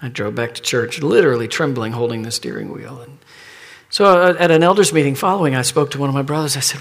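A middle-aged man preaching a sermon as pastor, telling a personal story and dropping at times into hushed, near-whispered asides. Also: medium pitch, big pitch swings, quick pace, gravelly.

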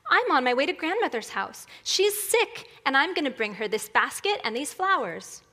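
A woman's voice: sits high, very animated, normal speed, pushed and bright, voice pushed up, heavily acted. A woman voicing a cheerful, innocent little girl, heard with a long hall reverb. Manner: cheerful, wide-eyed.

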